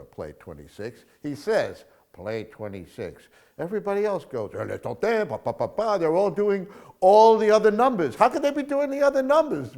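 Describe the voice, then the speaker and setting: Animated man telling film stories. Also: mid-range voice. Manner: acts out film scenes, mimics crowds, shifts from hushed to loud. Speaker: screenwriter being interviewed. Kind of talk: animated storytelling in conversation.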